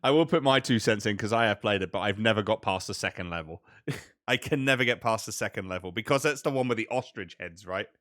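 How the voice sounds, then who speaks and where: A man's voice: lowish voice, quick pace, a bit bright, no echo, clean studio sound. A man co-hosting a games podcast, chatting casually, swearing freely and laughing often. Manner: swears freely, laughs a lot, mocking voices. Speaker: podcast co-host. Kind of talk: casual chat.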